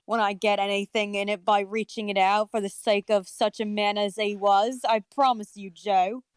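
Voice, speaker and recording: A woman's voice: medium pitch, flat delivery, normal speed, clear, resonant tone, no echo, lightly acted. A woman voicing a coarse older charwoman with a put-on Cockney accent that drifts toward Australian, cool and brazen. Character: coarse older Cockney charwoman selling a dead man's things.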